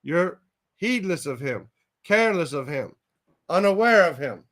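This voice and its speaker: Male Quran Arabic teacher, slightly high voice, slow and methodical, says each word, then glosses it. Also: lively intonation, fairly bright tone. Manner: thinks aloud, tentative asides. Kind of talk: word-by-word Quran translation lesson.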